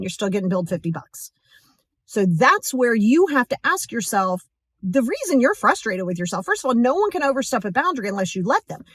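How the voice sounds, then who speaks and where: A woman's voice: a little high, sing-song, fast, slightly rough, no room sound, studio quality. A woman hosting a motivational podcast, talking directly and emphatically to the listener. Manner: direct, emphatic, acts out quoted voices. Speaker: podcast host.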